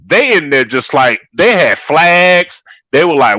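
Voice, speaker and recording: A man's voice: fairly high pitch, very animated, measured pace, pushed and bright, no room sound, muffled recording. A man co-hosting a casual chat show, talking emphatically in a preachy way and calling his listeners y'all. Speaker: co-host.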